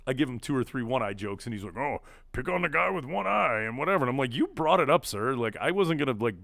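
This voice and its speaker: A man's voice: medium pitch, big pitch swings, fast, vocal fry, a bit bright, no echo, clean studio sound. A young man, hosting a podcast and telling a rowdy story in casual chat, swearing often and switching into voices for the people he quotes. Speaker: podcast host.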